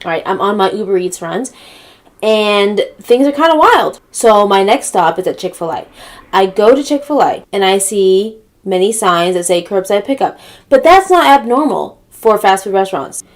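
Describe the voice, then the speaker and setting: A woman telling a comedic story as an animated, exasperated rant, swearing often. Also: mid-range voice, normal speed.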